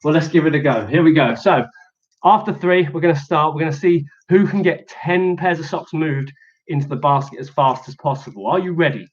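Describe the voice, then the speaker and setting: A man's voice: a little high, fairly quick, lo-fi sound. Playful man hosting kids' show. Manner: playful, teasing, encouraging, calls out to children at home. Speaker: children's activity presenter. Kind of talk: energetic kids' exercise show with storybook reading.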